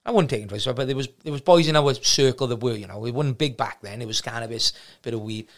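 Middle-aged man, gym-owner guest; rapid, gravelly, frank, full of restarts. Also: medium pitch. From South Wales. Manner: rambling, frank, with many restarts. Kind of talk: casual storytelling interview.

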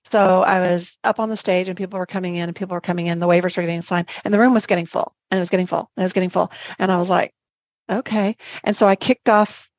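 Lively woman telling her story, laughs a lot, kinda muffled dry sound. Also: mid-range voice, no room sound. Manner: animated, laughs often, rushes through lists. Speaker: guest, spiritual life coach and Zumba instructor. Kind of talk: personal storytelling in a podcast interview.

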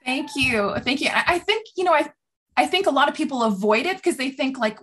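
A woman's voice: high voice, animated, moderate pace, fairly bright tone, husky. A woman guest on a podcast, speaking earnestly and reflectively with frequent fillers. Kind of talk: casual podcast conversation.

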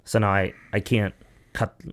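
A man's voice: on the low side, little pitch movement, moderate pace. A young man hosting a podcast, telling long, rambling, profane stories in casual chat, with lots of "like" and "you know". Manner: rambling, profane storytelling full of "like". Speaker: podcast host.

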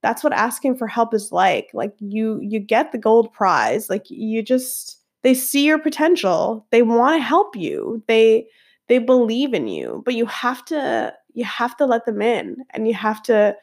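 A woman's voice: fairly high pitch, sing-song, unhurried, darkish tone. A woman in her thirties, a podcast host telling a personal story in an earnest, rambling way, full of fillers. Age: 30s.

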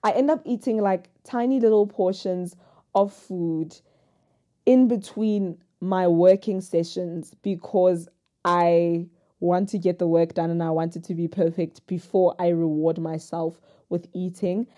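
A young woman confides in her camera as if talking to a friend, her voice mellow and soft-edged. She rambles and drifts off on tangents, frank about personal struggles and quick to laugh at herself. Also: fairly low pitch, fairly even intonation. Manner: rambling, jumps between thoughts; frank and personal, self-mocking humor. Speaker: vlogger. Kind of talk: candid confessional vlog talk.

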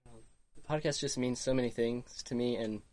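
Relaxed, reflective woman podcast host. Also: rumbling low, moderate pace, no echo. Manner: relaxed, reflective, loose trailing sentences. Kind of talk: casual chat.

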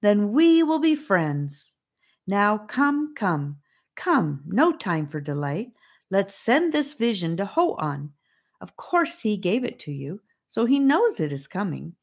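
A woman's voice: mid-range voice, sing-song, normal speed, voice pushed up. A woman voicing a dramatic, theatrical little girl who speaks in a sing-song way.

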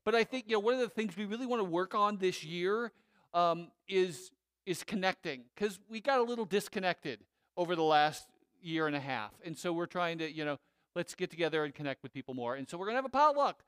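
A man giving casual church announcements with a relaxed, chatty manner. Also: high-pitched, a little fast, clear, resonant tone, dry recording. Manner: relaxed, chatty, laughs easily, trails off.

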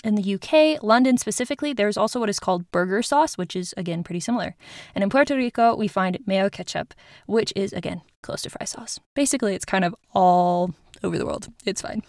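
A woman's voice: medium pitch, fairly quick, a little mellow, dry recording, studio quality. A woman from Utah, hosting a podcast in a casual informative tone, chatty and self-deprecating, with little asides. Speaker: podcast host.

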